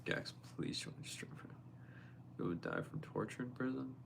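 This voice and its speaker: Gravelly young man chatting on stream. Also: fairly low pitch, huge pitch swings, background noise. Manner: reads viewer messages aloud and reacts, quick and playful. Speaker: livestream host. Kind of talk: casual live-stream chat.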